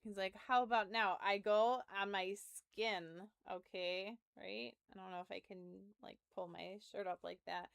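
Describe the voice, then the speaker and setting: A woman's voice: mid-range voice, steady tone, unhurried, gravelly, hardly any pauses, clear, resonant tone, no room sound. A young adult woman streaming from home, telling a story in casual chat with laughs and profanity, close to her mic. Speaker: game streamer.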